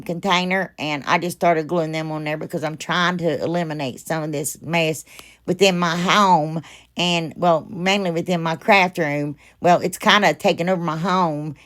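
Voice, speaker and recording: A woman hosting a casual crafting tutorial, chatting straight to her viewers with lots of fillers and rambling side comments. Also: fairly low pitch. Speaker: craft channel host.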